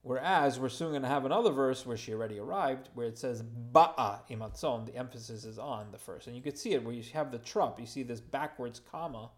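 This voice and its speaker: A man's voice: mid-range voice, fairly quick, few pauses. A man giving a verse-by-verse Torah lesson, reading Hebrew phrases and translating them with informal asides and light humor. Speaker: Torah teacher.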